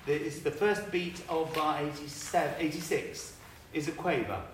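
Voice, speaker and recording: A man's voice: fairly high pitch, steady tone, normal speed, slight background noise. A man directing a choir, counting the singers in and singing phrases to show them. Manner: friendly, apologetic, laughs often. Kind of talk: choir rehearsal instruction. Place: rehearsal hall. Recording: echoey room, far from mic, loud choir and piano.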